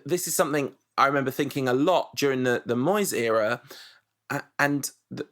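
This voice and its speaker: A man co-hosting a football podcast, talking in an animated, rambling way and often correcting himself. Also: medium pitch. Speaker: podcast co-host. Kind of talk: casual football chat.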